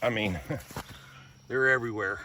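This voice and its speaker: A man's voice: fairly low pitch, unhurried, bright, forceful tone, a little hiss or hum. Folksy man outdoors in a garden. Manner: folksy storyteller. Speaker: vlogger. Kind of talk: casual vlog walk-through.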